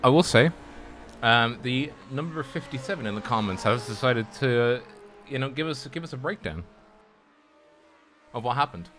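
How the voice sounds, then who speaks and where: A man's voice: medium pitch, lively intonation, normal speed, pauses often, fairly bright tone, a little hiss or hum. Chatty guy commentating sim racing, rambles a lot, mid voice. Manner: rambling, chatty, lots of restarts. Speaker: race commentator.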